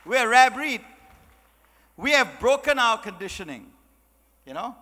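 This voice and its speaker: A man's voice: very high voice, sharp tone, long reverb tail. A man giving a chatty, joking motivational talk, full of "you know"s. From Malaysia. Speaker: motivational speaker. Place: large hall.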